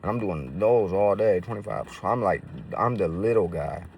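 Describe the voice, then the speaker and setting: Gravelly deep-voiced man telling street stories. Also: moderate pace, darkish tone, distant mic, slight background noise. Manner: profane, slangy street talk with many fillers. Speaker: roofing business owner. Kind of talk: casual storytelling to camera.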